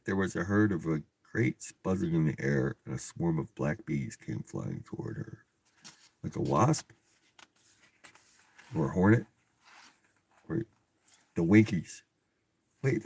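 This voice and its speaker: Husky man cursing through a storybook. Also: low-pitched, warm tone, no echo. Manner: profane, incredulous outbursts. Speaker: reader and commentator. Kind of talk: comedic read-aloud with commentary.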